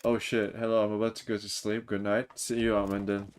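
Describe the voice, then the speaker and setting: A man's voice: on the low side, level tone, brisk. A man in his twenties from Mauritius, a native French speaker, chatting casually on a game livestream as he reads chat aloud and answers it, recorded at home on a desk mic. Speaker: game streamer. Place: home room, Toronto.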